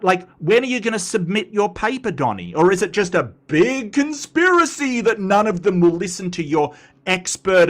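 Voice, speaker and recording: Exasperated sarcastic man reacting to a clip. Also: a little high. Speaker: commentary host reacting to a video. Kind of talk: reaction commentary.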